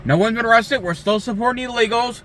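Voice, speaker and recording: A man's voice: very high voice, quick pace, fairly bright tone, slight background noise. A man livestreaming an angry, profane political rant, repeating himself and swearing often. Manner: heated, profane, repetitive.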